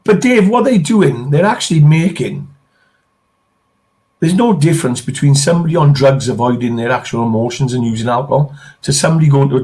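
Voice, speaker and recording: A middle-aged man with a gravelly, creaky voice pitched a little high, talking bluntly and with energy on a casual live stream. He swears freely as he makes his points. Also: a little mellow. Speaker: co-host.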